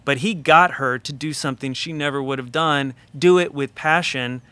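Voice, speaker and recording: A man in a studio conversation, a record producer telling an animated, chatty story with lots of fillers. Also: medium pitch, normal speed, clean tone, no echo.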